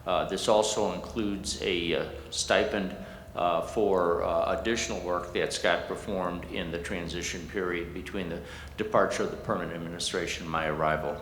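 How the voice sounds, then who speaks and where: A man's voice: low voice, steady tone, normal speed, fairly bright tone. A man speaking as interim village administrator, giving a formal, hesitant report to the board with many uh's. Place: village board meeting hall. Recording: echoey hall, long reverb, faint background noise.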